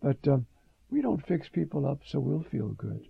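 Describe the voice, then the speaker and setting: A man's voice: mid-range voice, very animated, moderate pace, creaky, slightly rough, narrow, tinny audio. An older man, a priest preaching a sermon, reflective and storytelling, with sudden emphatic rises.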